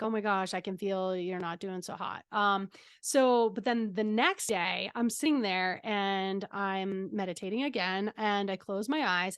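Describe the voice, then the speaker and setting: A woman guest on an interview show telling a personal story in a chatty, animated way, laughing often and filling pauses with ums. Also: medium pitch, clear, resonant tone, no echo, clean studio sound. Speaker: guest, transformational coach.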